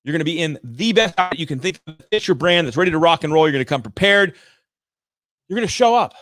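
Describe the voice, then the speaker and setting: A man's voice: a little high, lively intonation, fast, a bit bright, no room sound. A man hosting a live show, giving direct, emphatic coaching talk with points repeated for effect, in a room with large windows on a studio microphone.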